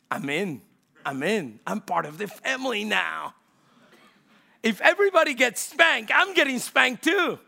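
A middle-aged man preaching a sermon as pastor, telling stories with loud bursts and hushed asides. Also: very high-pitched.

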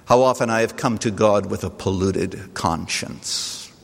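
A man preaching a sermon as pastor, speaking earnestly and letting his voice swell on key phrases, then drop low and soft. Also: unhurried, creaky, big-room sound.

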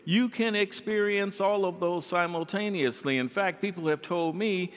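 A man's voice: sits high, moderate pace, hardly any pauses. Preaching man in an echoing hall. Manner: animated preaching, acts out quoted voices. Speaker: pastor. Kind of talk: sermon.

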